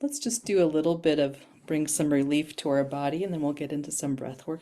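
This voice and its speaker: A woman's voice: low-pitched, fairly quick, few pauses, mellow. A woman leading a breathing workshop, teaching in a chatty way, laughing often and asking "right?" as she goes. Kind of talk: casual teaching talk. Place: Boise, Idaho.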